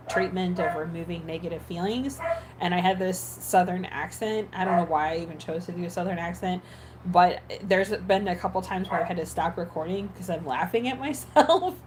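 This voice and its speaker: Rambling low-voiced woman, casual chat. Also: slight background noise, rough recording. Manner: rambling, many fillers and restarts. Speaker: ASMR creator. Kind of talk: casual chat while editing.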